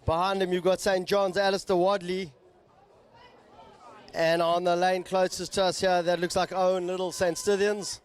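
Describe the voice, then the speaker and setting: High-voiced male regatta commentator. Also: normal speed, a faint crowd. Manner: steady play-by-play calling out names and schools. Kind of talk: live sport commentary.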